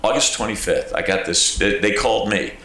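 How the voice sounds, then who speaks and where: A county clerk of court presents to a village council, telling stories and acting out phone calls and quotes in an animated, emphatic way. He's conversational and keeps repeating "okay?" for emphasis. His fairly low, brisk voice echoes heavily around the council chamber.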